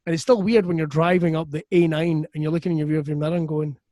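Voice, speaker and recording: A man's voice: fairly high pitch, fast, no echo. Scottish man telling profane stories. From Scotland. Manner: profane, animated anecdote telling. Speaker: comedian guest. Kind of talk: casual storytelling chat.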